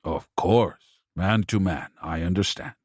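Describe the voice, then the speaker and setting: A man plays a discreet middle-aged fixer who talks slowly and knowingly, with low, quiet lines. The recording is dry and close. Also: slightly rough, no room sound.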